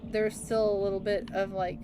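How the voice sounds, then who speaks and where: A woman in her thirties with a mid-range, level voice streams a video game at a normal speed, chatting, reminiscing casually and laughing easily. Game music plays behind her, and a noisy crowd can be heard.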